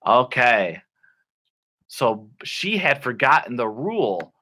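A man teaching children English online, reading a storybook and acting out words in a slow, clear, animated way. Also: mid-range voice. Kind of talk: playful ESL lesson for children.

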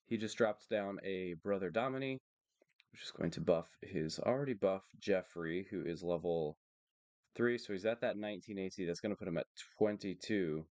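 A man streaming a card game tournament, calmly talking through the plays in a monotone, matter-of-fact way. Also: low voice, normal speed, dry recording. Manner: steady and matter-of-fact, thinking aloud about plays. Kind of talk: live card game commentary.

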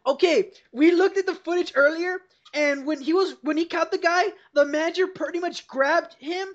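High-voiced young woman telling a rowdy story. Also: normal speed. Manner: profane, rambling, laughs through the story. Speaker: podcast host. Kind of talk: casual storytelling over a call. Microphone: computer call mic. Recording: dull lo-fi call audio.

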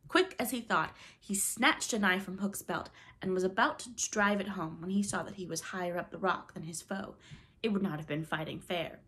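A woman narrating a classic children's storybook in a dramatic, expressive reading style. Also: medium pitch. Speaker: audiobook narrator.

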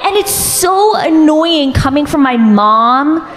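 A young woman on a comedy club stage, trading deadpan one-liners for high, animated impressions of other people. Her voice sits a little high, and a long reverb trails off into the hall. A faint murmur of noise hangs behind her. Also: slow. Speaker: stand-up comedian. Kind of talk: stand-up comedy set.

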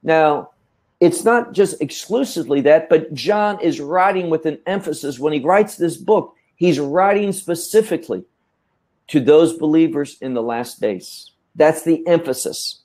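A man teaching scripture in a measured, emphatic way, often repeating words as he thinks. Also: on the high side, lively intonation, a little mellow. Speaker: Bible teacher. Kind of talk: teaching talk.

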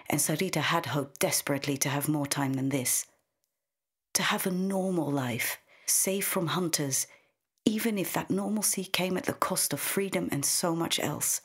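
A woman reading a short story aloud in a measured, intimate narrating manner. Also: low voice, slightly rough. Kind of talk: scripted narration.

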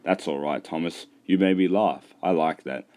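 A man's voice: low voice, moderate pace, warm tone, natural voice. A man voicing a big, proud and grand male express engine in a storybook reading. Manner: grand, chortling. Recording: music behind, poor mic.

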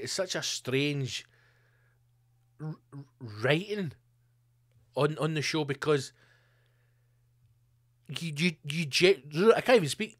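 A man's voice: medium pitch, fairly bright tone, no echo, clean studio sound. A Scottish man, a comedian hosting his own podcast, rambling in a sweary, jokey monologue. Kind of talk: casual monologue.

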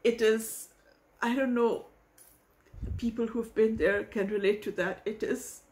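A woman hosting a reaction video, talking in an emotional, halting way and searching for words. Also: on the high side, fairly even intonation, darkish tone. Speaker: host reacting to a hymn. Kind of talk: casual reaction vlog.

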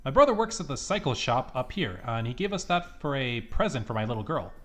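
A man playing a grieving dad, halting, trailing off, lively pitch. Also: faint music behind. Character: grieving father, shaken and halting.

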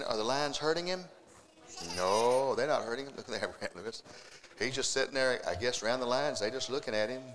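Casting: a man leading a church children's class, mid-pitched, gentle and coaxing, faint background noise. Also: rough recording. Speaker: children's Bible class teacher. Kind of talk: children's Bible lesson with songs.

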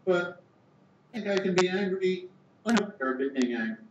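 An older man with a slightly high voice gives a measured academic explanation, thinking aloud as he goes. The sound is dull and echoey, with steady hiss behind him. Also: recorded from a distance. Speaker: philosopher interviewee.

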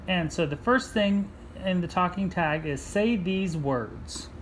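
Slow, rambling cross-stitch vlogger. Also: medium pitch, fairly bright tone, slight background noise. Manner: rambling, chatty. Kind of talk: casual chat while stitching.

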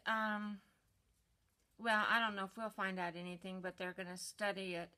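A woman giving a casual personal vlog update to camera from home, chatty, with many ums and pauses. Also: mid-range voice, steady tone, bright, forceful tone. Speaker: vlogger.

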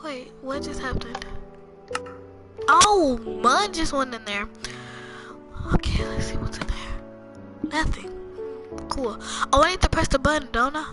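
Young woman, gaming commentary; chatty and rambling, low voice with a sore throat, higher-pitched, loud music behind. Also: lively intonation, measured pace, long pauses. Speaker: gamer. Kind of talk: casual game walkthrough commentary.

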